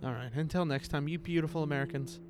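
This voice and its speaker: A man's voice: on the high side, steady tone, quick pace, background noise. Blunt, salty man hosting a podcast. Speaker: podcast host. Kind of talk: casual podcast chat.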